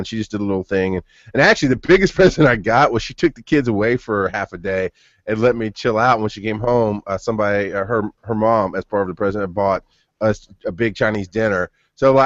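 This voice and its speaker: A man's voice: on the low side, no room sound. A man in his thirties hosting a podcast, telling long personal stories with many restarts. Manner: rambling storyteller with frequent restarts. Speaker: podcast host. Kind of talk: casual chat. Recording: dull lo-fi podcast audio.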